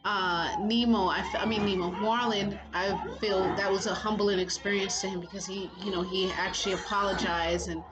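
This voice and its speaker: A woman's voice: medium pitch, steady tone, moderate pace, few pauses, loud music behind the voice, low-quality recording. A woman giving casual spiritual commentary as a vlogger, rambling and leaning heavily on filler phrases. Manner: rambling, heavy on "you know" fillers.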